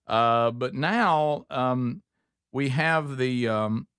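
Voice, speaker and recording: A man's voice: medium pitch, drawn-out words, fairly bright tone, clear, resonant tone, dry recording, studio quality. A man hosting a talk show, chatting casually and folksily with his co-hosts, full of "uh" and "um". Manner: folksy, filler-heavy, calls co-hosts by name. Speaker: radio show host. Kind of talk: casual morning show banter.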